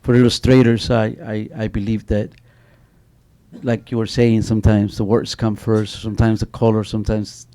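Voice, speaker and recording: On an author panel, a middle-aged man tells stories animatedly, restarting often and repeating "you know." His voice is lowish and dark, with little pitch movement, at a normal speed.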